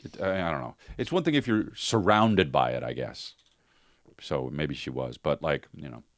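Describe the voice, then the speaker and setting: A man co-hosting a podcast, in casual, rambling chat with lots of halting restarts. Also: a bass voice, animated, dry recording. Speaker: podcast co-host.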